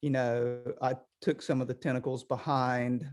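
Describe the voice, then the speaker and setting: Man, middle-aged, potter, casual video call chat, rambling, mid pitch. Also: moderate pace. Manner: rambling, animated, lots of restarts.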